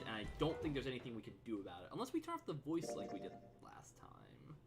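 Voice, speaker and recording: A man's voice: mid-range voice, fast talker, few pauses, over music. A man streaming a game, chatting loosely and swearing freely as he reads the story narration aloud. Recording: steady background noise.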